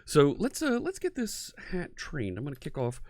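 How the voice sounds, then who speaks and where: Against a noisy background, the Philadelphia-area host speaks at a moderate pace in a fairly high voice whose pitch swoops wildly. He's an American running a casual live-coding stream, chatty with viewers, greeting them and laughing often.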